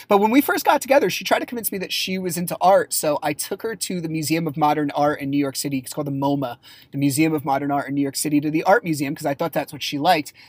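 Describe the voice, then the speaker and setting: Emotional, halting man on a solo podcast. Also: fairly high pitch, dry recording. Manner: halting and emotional, with many fillers and restarts; candid, sometimes blunt and profane. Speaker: podcast host. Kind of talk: raw solo confessional podcast talk.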